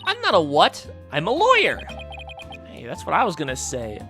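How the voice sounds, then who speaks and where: A man's voice: fairly high pitch, wildly swooping pitch, moderate pace, pushed and bright, soft background music, heavily acted. A man voicing a perky, eager young girl sidekick in a game. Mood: proud.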